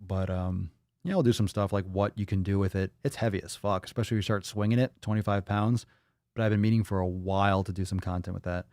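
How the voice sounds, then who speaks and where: A man with a low, darkish voice and fairly even intonation talks at a quick pace while hosting a fitness podcast. Sitting in a small room at home, he reads viewer comments in crude, joking, profane chat full of laughter. The studio-quality audio has no echo.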